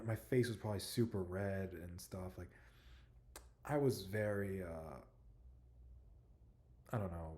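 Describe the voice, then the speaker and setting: Soft-spoken young man, mellow and low. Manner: halting and rambling, full of "like" and "you know". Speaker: vlogger telling his life story. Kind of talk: casual personal storytelling to camera.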